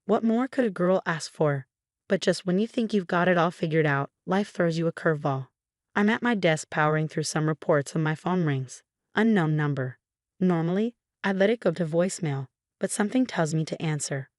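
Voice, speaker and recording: A woman narrating a first-person drama story, reading every voice in one steady tone. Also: fairly low pitch, normal speed, no room sound, studio quality.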